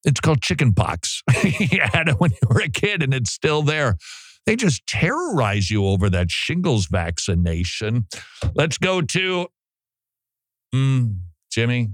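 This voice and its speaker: A man's voice: mid-range voice, big pitch swings, unhurried, dry recording. A man hosting a radio show from a studio, talking casually, joking and laughing often. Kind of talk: casual talk-radio monologue. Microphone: studio mic.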